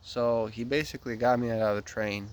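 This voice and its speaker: A man's voice: fairly quick, slight background noise. A young man telling a story casually and animatedly, acting out the dialogue. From Ukraine. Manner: animated, acts out dialogue with rising pitch. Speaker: vlogger.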